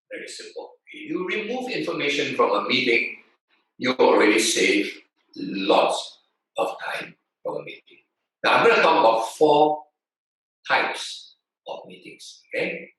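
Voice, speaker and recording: Animated preaching man in echoey hall. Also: medium pitch. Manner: animated, exclaiming, rhetorical questions. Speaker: pastor. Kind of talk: sermon. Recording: echoey hall, far from mic.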